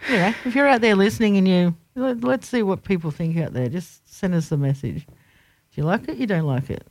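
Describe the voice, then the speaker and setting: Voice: mid-range voice, lively intonation, a little fast, no room sound. A radio co-host chatting casually and joking at their own expense on a community station. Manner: playful, self-mocking.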